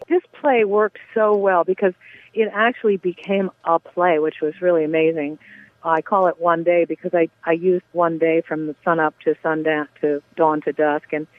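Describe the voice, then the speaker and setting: A woman playwright chats eagerly about her theater work as an interview guest. She talks in a relaxed, enthusiastic run. Her voice comes over a narrow, tinny phone line. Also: fairly low pitch, dry recording. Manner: warm, enthusiastic, chatty with frequent yeahs. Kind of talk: casual interview talk.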